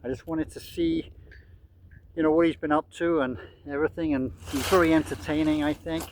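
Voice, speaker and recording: A man's voice: on the high side, steady tone, a little fast, a little hiss or hum, low-quality recording. A man in his sixties giving casual, rambling commentary with frequent fillers and restarts. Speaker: vlogger.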